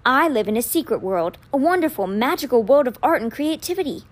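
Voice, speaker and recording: A woman's voice: sits high, expressive, brisk. A woman reading a storybook aloud, voicing an earnest teenage boy who pleads urgently with his twin brother. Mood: pleading.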